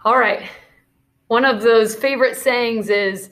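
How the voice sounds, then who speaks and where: A woman's voice: on the high side, steady tone, unhurried, a bit bright. A woman teacher leading a classroom video lesson, talking through scenarios and calling out movement commands in an encouraging way.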